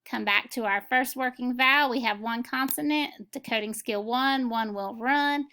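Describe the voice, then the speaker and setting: A woman teaching a phonics lesson, decoding words step by step in a clear, methodical way. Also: fairly high pitch, normal speed, pushed and bright.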